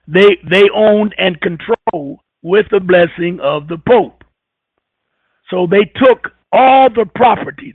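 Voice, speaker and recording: A man hosting a radio talk show, rambling and halting as he repeats words while searching for them. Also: sits high, breathy edge, no room sound. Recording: tinny phone-like radio audio.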